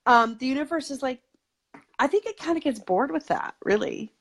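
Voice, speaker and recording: A woman's voice: high voice, big pitch swings, normal speed. A woman guest in a casual interview, talking eagerly and at length, with lots of "like" and "you know.". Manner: eager, talkative, peppered with "like".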